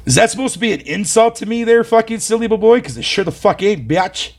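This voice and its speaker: A man's voice: high voice, animated, brisk. A young man from Canada chatting on a live stream, reading his chat aloud with profane, mocking banter.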